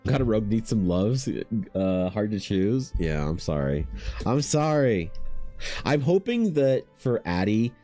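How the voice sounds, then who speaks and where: A man's voice: fairly low pitch, big pitch swings, measured pace, mellow, faint music behind. A man artist chatting casually on a livestream, rambling and joking self-deprecatingly with his viewers. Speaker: artist streaming commissions.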